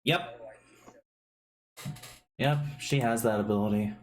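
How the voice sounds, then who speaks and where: Slow-talking tabletop game master. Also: medium pitch, a little hiss or hum. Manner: casual, swears freely, checks rules aloud.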